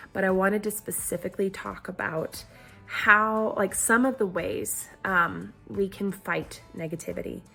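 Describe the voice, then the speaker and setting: A young woman talks straight to her viewers in a loose, earnest ramble, breaking her thoughts with ums and small laughs. Her pitch sits in an ordinary middle range for a woman, and faint music plays low underneath her voice. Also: vocal fry, a bit bright. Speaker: vlogger on a health challenge. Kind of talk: casual talk to camera.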